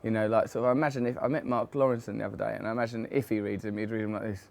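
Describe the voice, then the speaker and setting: A man in his thirties giving a playful, rambling comic monologue in a garden, self-mocking and flamboyant, with bursts of shouting. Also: on the low side, fairly even intonation, racing, creaky. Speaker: comedian promoting his book. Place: garden, outdoors.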